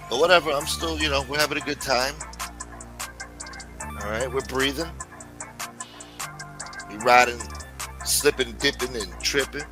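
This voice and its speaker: A man hosting a casual livestream, greeting viewers with loud mock-preacher calls, crude banter and sing-song asides. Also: medium pitch. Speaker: livestream host. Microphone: desk microphone.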